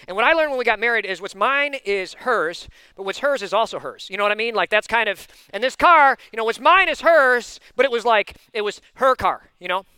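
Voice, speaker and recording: A high-pitched man delivers a sermon in a clear, smooth voice. He talks in a chatty, storytelling way, full of fillers and asides. His delivery is intense, with sudden loud bursts, and the sound is dry. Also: a little fast, few pauses, no room sound. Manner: animated and intense, given to loud outbursts. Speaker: pastor.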